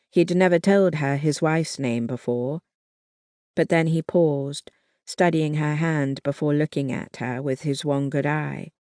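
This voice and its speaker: An audiobook narrator reading historical fiction in a measured, even storytelling manner. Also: medium pitch, no room sound, studio quality.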